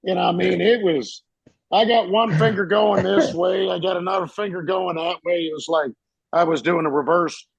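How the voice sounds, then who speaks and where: Gravelly man telling a tale. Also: high-pitched, normal speed, dry recording. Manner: animated, acts out voices in his stories. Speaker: podcast co-host. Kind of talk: casual storytelling.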